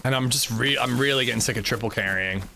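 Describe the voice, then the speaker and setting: A man's voice: medium pitch, fast, creaky, pushed and bright, a little hiss or hum. A man streaming a survival game, chatting casually and thanking viewers, stammering when flustered and drawing out names as he reads them. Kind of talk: casual livestream gameplay commentary.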